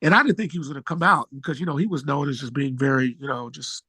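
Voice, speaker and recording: A man's voice: fast, slightly rough, no echo. A middle-aged man, a musician, telling stories casually in an interview, acting out what people said with big jumps in his voice. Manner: animated storyteller, acts out quotes with big pitch jumps.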